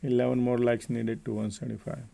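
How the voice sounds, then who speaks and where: A man's voice: medium pitch, flat delivery, fast talker, vocal fry, warm tone. A man hosting a live trading stream, giving casual market commentary and chatting with viewers by name.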